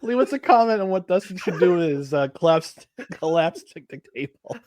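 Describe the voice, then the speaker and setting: A man's voice: sits high, animated, normal speed, a little mellow, dry recording, clean studio sound. A man co-hosting a casual podcast, rambling with many restarts and fillers. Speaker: podcast co-host.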